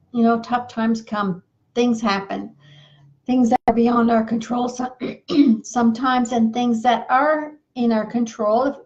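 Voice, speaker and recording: A woman's voice: fairly high pitch, darkish tone, dull audio. A woman coaching couples in an earnest, repetitive, folksy monologue while losing her voice. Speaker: marriage coach. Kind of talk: advice monologue.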